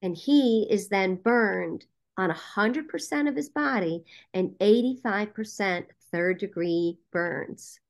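Casting lady on a podcast, medium pitch, tells a story with lots of ums. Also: takes it slowly, vocal fry, few pauses. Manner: lively storyteller, frequent "um" fillers. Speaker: casting director and producer, guest. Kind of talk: podcast interview.

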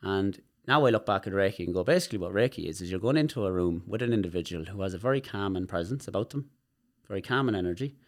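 An Irish man with a low voice tells personal stories on a podcast. He talks in an animated way and swears freely. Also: fast talker. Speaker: guest, movement specialist. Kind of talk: podcast conversation.

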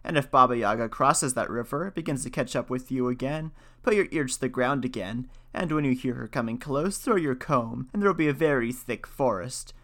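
A man reading a folktale, voicing a gruff, wise house cat who calmly gives instructions. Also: mid-range voice, brisk, hardly any pauses, natural voice. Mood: advising. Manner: calm, instructive.

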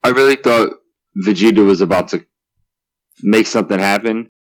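A man's voice: on the low side, normal speed, dry recording, poor audio. A man in casual chat, easygoing, asking questions and thinking aloud. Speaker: podcast co-host.

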